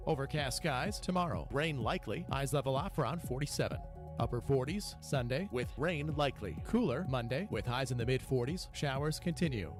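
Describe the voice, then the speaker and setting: Male radio meteorologist over music. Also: mid-range voice. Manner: brisk, even announcer delivery. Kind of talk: scripted weather forecast. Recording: radio read over clear music bed.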